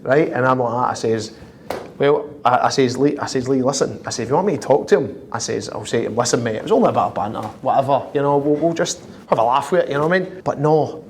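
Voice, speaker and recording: A man's voice: mid-range voice, slight background noise. Chuckling Glaswegian man telling stories. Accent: Scottish (Glasgow). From Scotland. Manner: lively, chuckling, acts out others' lines in quick quoted voices. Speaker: professional footballer, guest. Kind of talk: anecdotal storytelling in an interview. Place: office high in a city tower.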